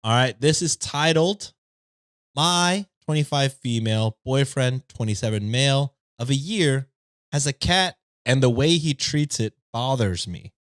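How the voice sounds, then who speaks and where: A man's voice: mid-range voice, measured pace, fairly bright tone, dry recording, clean studio sound. Profane, joking male podcast host. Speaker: podcast host reading stories. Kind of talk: casual chat and story reading.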